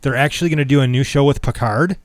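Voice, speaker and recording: Midwestern male co-host, mid-pitched, relaxed delivery, dry sound. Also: fast talker, dry recording. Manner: relaxed, reads news and sponsor notes. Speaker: podcast co-host. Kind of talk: casual chat.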